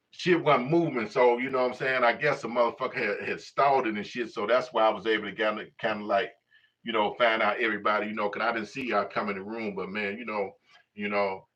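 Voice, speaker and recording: A man's voice: mid-range voice, bright, forceful tone. A man hosting a casual livestream, talking in a profane, rambling way full of fillers and asides to viewers. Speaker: livestream host. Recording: distant lo-fi livestream audio.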